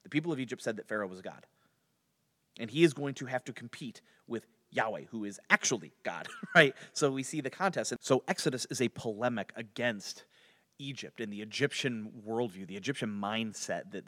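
Animated man teaching a Bible study. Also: fairly low pitch, a little fast. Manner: animated, restarts often, chuckles between points. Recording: long hall reverb.

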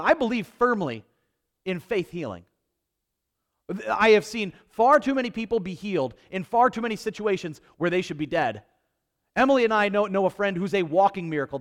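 A male pastor preaching a sermon to his congregation, emphatic and repetitive, with joking asides. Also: sits high. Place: church before a congregation.

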